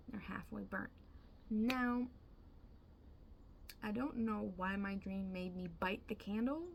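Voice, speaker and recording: Casual female storyteller, emphatic and profane; gravelly, faint background noise. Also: medium pitch. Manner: chatty, emphatic, swears freely. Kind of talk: casual dream retelling.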